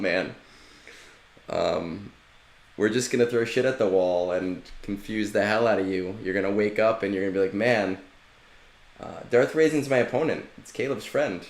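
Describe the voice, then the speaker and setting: A male game streamer talks casually in a lowish voice, loose and swearing freely. His voice carries a noticeable room echo, as if he sits in a bare space. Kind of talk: casual live-stream chat.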